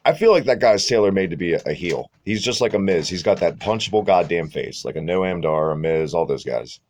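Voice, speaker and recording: Lively low-voiced man swearing casually. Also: brisk. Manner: blunt and opinionated, swears casually. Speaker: podcast co-host. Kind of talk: casual chat.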